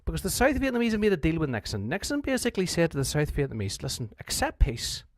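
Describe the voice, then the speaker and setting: A man's voice: fairly high pitch, wildly swooping pitch, rapid-fire, no room sound. Northern Irish man giving a dry history lesson. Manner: conversational, restarts and acts out quotes. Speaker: history teacher. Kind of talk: revision lecture.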